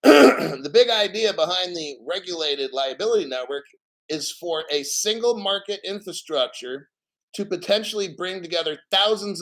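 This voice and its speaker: A man's voice: on the high side, a bit bright, poor audio. A man hosting a crypto channel, reading an article aloud with boastful, profane commentary, laughing and getting emotional. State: emotional, near tears.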